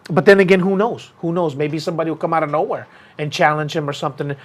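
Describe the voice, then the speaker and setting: Animated man telling a story. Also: on the high side, fast. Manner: animated, acts out quoted people in a raised voice. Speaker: podcast host. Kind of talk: casual storytelling chat.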